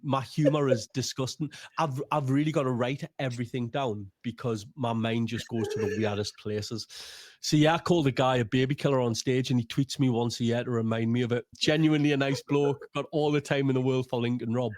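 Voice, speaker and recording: A man with a Geordie accent, a stand-up comedian chatting as a podcast guest and telling stories with sweary, dark humour. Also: mid-range voice, a little fast, no echo. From North East England. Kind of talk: casual podcast chat.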